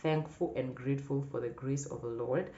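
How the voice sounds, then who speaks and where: A woman's voice: very deep voice, steady tone, moderate pace, mellow. A woman talking earnestly and reflectively to her viewers in a personal vlog. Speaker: vlogger. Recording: echoey room, slightly dull sound.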